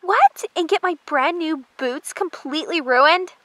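A woman voicing a fussy, excitable young city girl on a trail ride, in a toy horse drama. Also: very high-pitched, measured pace, dry recording, exaggerated voice. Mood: whiny. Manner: whiny, excitable.

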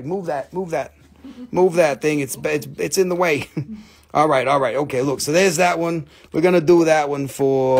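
A man hosting a live crystal sale, rambling and joking with crude humor and playful put-on voices. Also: on the high side. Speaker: host selling crystals on a live stream. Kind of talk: casual live sales chat.

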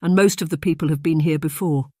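An audiobook narrator voicing a kindly, mousy middle-aged aunt who speaks in a hushed stage whisper. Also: medium pitch, steady tone, fast talker, no room sound, studio quality, natural voice. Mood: ominous.

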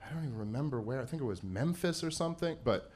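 A man's voice: medium pitch, expressive, quick pace, darkish tone. A man in his thirties doing a rambling, self-deprecating stand-up comedy set on a live event stage. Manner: rambling, self-deprecating, lots of fillers and acted-out quotes.

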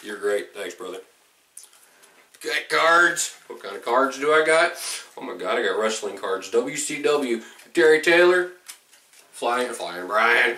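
Excitable swearing man in an echoey room. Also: recorded from a distance. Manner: excitable, swears a lot, swings high when thrilled. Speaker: vlogger opening a fan mail box. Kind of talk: excited unboxing vlog.

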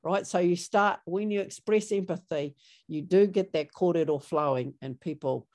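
Middle-aged New woman trainer, lowish voice. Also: moderate pace, darkish tone. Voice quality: conversational, filler-heavy, acts out example replies. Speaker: workshop trainer. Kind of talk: online training talk. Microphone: video call.

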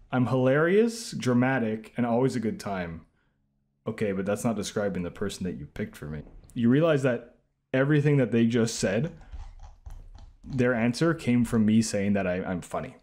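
A man talks through online quizzes on a live stream, reacting in a sarcastic, self-mocking way. His voice sits fairly low but swings widely up and down as he reacts. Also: a little mellow.

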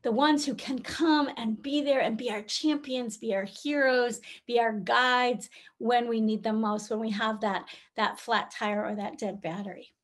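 A woman's voice: a little high, steady tone, measured pace, hardly any pauses. A middle-aged woman giving a keynote talk, telling a story and acting out the voices in it. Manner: warm storytelling, acts out quoted voices. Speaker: keynote speaker. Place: virtual conference, recorded remotely.

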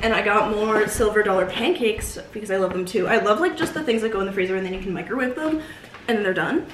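A woman's voice: mid-range voice, quick pace, low-quality recording. A bubbly young woman chatting to her phone camera in a casual vlog. Her talk is loose and full of filler words. Noticeable noise sits under the recording. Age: young adult. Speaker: vlogger.

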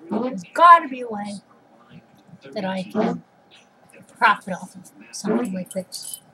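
A woman vlogger rambles slowly and loosely while she eats, sometimes talking with her mouth full. Her voice sits a little high. A steady hiss of noise runs under the recording. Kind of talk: casual eating vlog chat. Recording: noisy home recording.

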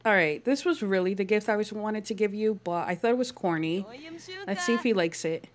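A woman's voice: medium pitch, brisk, music in the background. A woman chatting her way through a life-simulation game, laughing easily and tossing off playful lines for her characters. Her voice sits in a medium range, and her delivery is casual and upbeat. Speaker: gaming YouTuber. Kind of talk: casual Let's Play commentary.

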